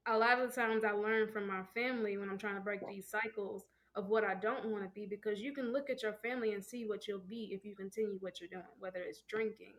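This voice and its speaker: Woman on a podcast, earnest, giving advice, casual talk. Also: mid-range voice. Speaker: podcast co-host. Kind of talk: casual chat.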